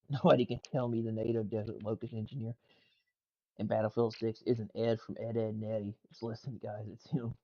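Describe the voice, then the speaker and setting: A man's voice: lowish voice, flat delivery, brisk, highs cut off. A man casually reacting to gaming clips and tweets, laughing often and swearing loosely. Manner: laughs a lot, loose and profane. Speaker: gaming news streamer.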